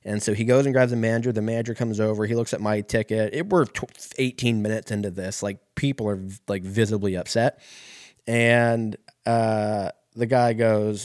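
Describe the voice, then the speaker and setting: A man's voice: lowish voice, fairly even intonation, brisk, a little mellow, no room sound, studio quality. A man in his thirties telling a casual, rambling, profane story as a podcast host.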